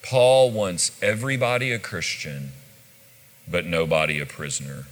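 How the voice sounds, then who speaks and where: A man preaching a sermon as pastor, telling the story with animated delivery and acting out the quoted lines. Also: sits low, normal speed. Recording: long hall reverb.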